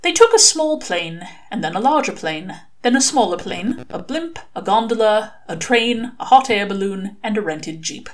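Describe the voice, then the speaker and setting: A woman reading a short story aloud as an expressive audiobook narrator. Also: mid-range voice, normal speed, hardly any pauses. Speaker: reader.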